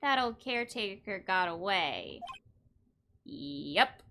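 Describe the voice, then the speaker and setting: Woman reading a game lawyer, bright, puzzled, unhurried. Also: mid-range voice, very animated, slight background noise, pitched below the performer's own voice, heavily acted.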